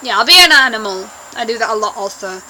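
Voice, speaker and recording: A woman's voice: on the high side, expressive, fast, bright, forceful tone, slight background noise, low-quality recording. A young woman vlogging to camera in a bubbly, rambling, playful way. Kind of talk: casual chat to camera.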